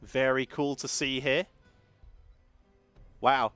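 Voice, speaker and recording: A man casting a live esports match, energetic and chatty, wired on caffeine and thanking subscribers between calls of the play. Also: a little high, moderate pace, no room sound, soft background music. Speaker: esports caster.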